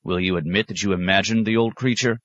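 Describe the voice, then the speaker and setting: A man playing a stern sarcastic abbot, deep low voice, cutting, dry close sound. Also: fairly even intonation, fast, fairly bright tone, no room sound, muffled recording, lightly acted. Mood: severe. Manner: mocking, cutting, sometimes roaring.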